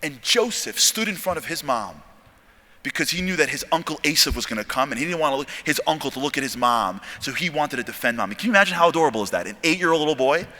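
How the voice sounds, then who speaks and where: A man giving a storytelling sermon talk at a convention, animated and jokey, acting out dialogue. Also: fairly high pitch, quick pace. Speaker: speaker at a convention. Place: large convention hall. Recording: long hall reverb.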